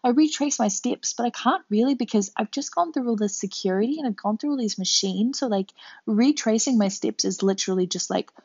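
A woman's voice: a little high, brisk, a little mellow, breathy edge, dry recording. A young woman hosting a podcast, telling a travel story in a rambling, chatty way full of fillers. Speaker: podcast host. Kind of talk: casual storytelling monologue. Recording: dull lo-fi dry home recording.

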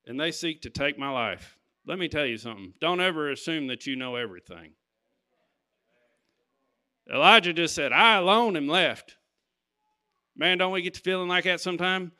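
Male preacher, conversational but emphatic, slightly high voice. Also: bright, forceful tone, clear, resonant tone. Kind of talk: sermon.

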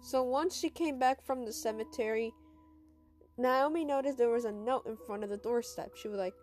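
A woman's voice: on the high side, moderate pace, darkish tone, soft background music. A woman casually telling an improvised story, rambling with many restarts.

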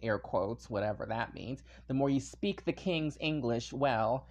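Man, podcast host, casual solo monologue, animated, digressive, laughs often. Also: medium pitch, unhurried. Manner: animated and chatty, wanders into tangents with frequent laughs.

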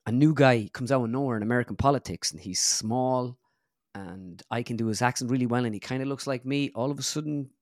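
A man's voice: mid-range voice, no room sound, studio quality. A young Irish man from the Midlands, a comedian being interviewed casually, who runs his sentences together with many fillers. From Ireland. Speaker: comedian and impressionist, guest.

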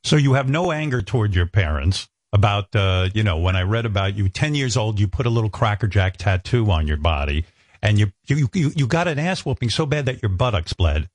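Husky needling talk host in his sixties. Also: on the low side, sing-song, fairly quick, dry recording, studio quality. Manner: needling, mock-earnest questioning. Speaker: radio host. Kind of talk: interview.

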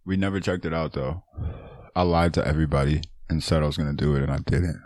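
A man's voice: rumbling low, steady tone, quick pace, darkish tone, no room sound, clean studio sound. A young man in his twenties, a podcast co-host who drops laid-back, wry short remarks. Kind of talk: casual chat.

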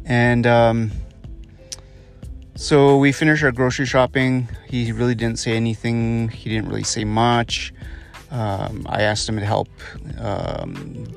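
A man's voice: mid-range voice, vocal fry. Hesitant man telling a family story. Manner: hesitant, many ums and restarts. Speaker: parenting podcast host. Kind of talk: casual storytelling monologue.

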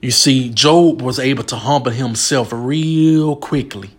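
A man's voice: mid-range voice, measured pace, breathy edge. Emotional male preacher. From United States. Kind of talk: sermon.

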